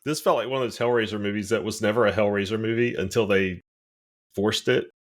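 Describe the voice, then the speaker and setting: Low-voiced man rambling in casual chat. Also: fast talker. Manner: rambling, opinionated, restarts often. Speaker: podcast co-host.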